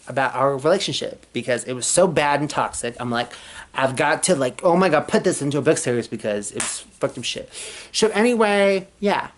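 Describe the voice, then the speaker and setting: Young woman from Texas with a low voice, vlogging a rambling storytime full of restarts and swearing. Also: a little hiss or hum. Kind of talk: casual storytime.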